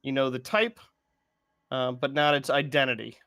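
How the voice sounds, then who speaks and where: A man's voice: medium pitch, flat delivery, normal speed, a bit bright, no echo, studio quality. A man playing a tabletop game who chats casually and reads out rules. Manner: chatty, rereads rules aloud. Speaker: player.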